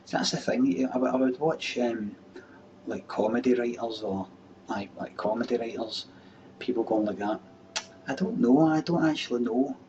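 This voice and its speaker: A man's voice: mid-range voice, normal speed, a little mellow. A Scottish man hosting a live webcam show, rambling and swearing in casual chat. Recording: dull webcam audio from a distance with faint background hum.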